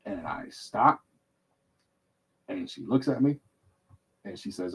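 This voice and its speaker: A man's voice: low-pitched, animated, takes it slowly, creaky, breathy edge. A man hosting a podcast, telling a heated, profane story in casual chat, swearing constantly. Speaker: podcast host.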